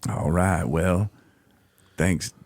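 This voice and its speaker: A man with a very low, gravelly voice hosts a podcast in loose, joking chat. He teases and laughs a lot. The sound is close and dry. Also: fairly even intonation, extremely slow, a little mellow, no echo. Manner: goofy, teasing, laughs often. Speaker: podcast host.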